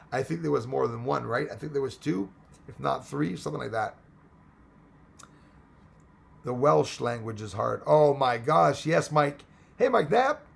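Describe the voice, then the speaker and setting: A man hosting a casual livestream, reading out chat names and greetings, his voice going hoarse and rambling between English, French and Spanish. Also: mid-range voice, slight background noise. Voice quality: gravelly, hoarse voice. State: losing his voice.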